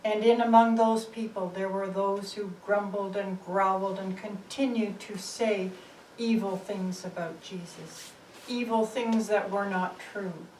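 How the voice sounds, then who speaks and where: A woman telling a Bible story slowly and expressively, with dramatic rises and drops. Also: medium pitch, steady tone, darkish tone, a little hiss or hum. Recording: roomy, distant mic, faint ambience.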